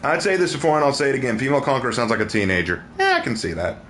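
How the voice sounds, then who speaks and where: A man's voice: medium pitch, sing-song, rapid-fire, fairly bright tone, slight background noise. A man chatting casually on a gaming livestream, loose and jokey as he reacts to viewers.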